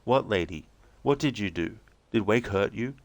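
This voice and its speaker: A man doing a gruff, impatient federal agent. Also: on the low side, expressive, moderate pace, dry recording, pitched above the performer's own voice. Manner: blunt, pushy, swearing. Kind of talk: reading game transcripts aloud with voices.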